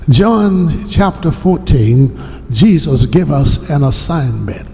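A male pastor delivering a sermon in a slow, deliberate preaching cadence and calling out to his congregation. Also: a little high, animated, creaky, warm tone, in a large hall. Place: church sanctuary.

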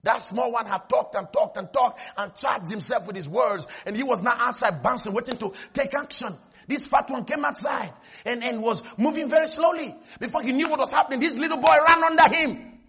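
A high, husky-voiced man preaches to his congregation in full flight. His voice is bright and edgy, and he swings from quick storytelling into loud, shouted calls for a response. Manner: animated storytelling, often shouting. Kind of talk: sermon.

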